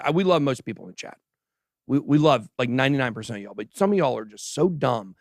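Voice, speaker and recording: Animated sarcastic male crypto show host. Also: medium pitch, no echo, clean studio sound. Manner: animated and sarcastic, chatting with a co-host and live chat. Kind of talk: casual livestream market commentary. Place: show studio stage.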